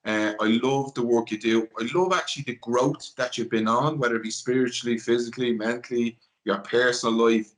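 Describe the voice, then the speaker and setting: A man's voice: medium pitch, fairly even intonation, a little fast, hardly any pauses. Podcast host guy, mid voice, super enthusiastic, keeps saying brilliant. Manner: warm praise, enthusiastic exclamations. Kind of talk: casual interview chat.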